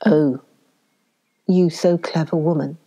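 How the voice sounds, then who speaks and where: A woman reading the part of an elderly foreign male professor in an audiobook, speaking earnestly with halting, oddly worded phrasing. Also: sits low, steady tone, dark tone, breathy edge, highs cut off, exaggerated voice. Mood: grateful.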